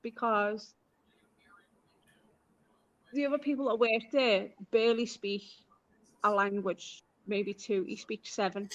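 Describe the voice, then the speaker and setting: A woman's voice: mid-range voice, fairly even intonation, slow pace, pauses often. A woman from Liverpool with a Liverpool accent, telling stories in casual chat on a live stream. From Liverpool, England. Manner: chatty storyteller, acts out quoted lines. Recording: dull lo-fi live stream audio.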